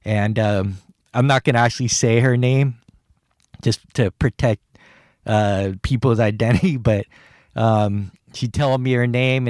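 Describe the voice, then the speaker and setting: A man's voice: on the low side, a little mellow, smooth, no echo, studio quality. A man casually telling a personal story on his podcast, rambling and laughing at himself as he acts out the dialogue. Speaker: podcast host.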